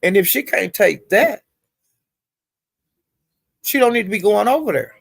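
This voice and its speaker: A woman's voice: medium pitch, unhurried, gravelly, husky, no echo. A woman vlogger casually recapping livestream drama, with a loose, rambling, slangy delivery. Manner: animated retelling that acts out each person's lines. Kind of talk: casual gossip storytelling.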